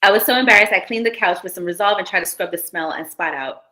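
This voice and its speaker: A woman's voice: mid-range voice, fast, pushed and bright. A young adult woman hosting a live stream, reading listener stories aloud with casual, laughing asides to her chat.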